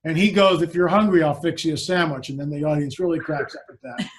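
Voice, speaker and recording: A man with a high speaking voice tells a story as a guest in a conversation. He tells it in an animated way and acts out the quoted lines of the people in it. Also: fast, a little hiss or hum.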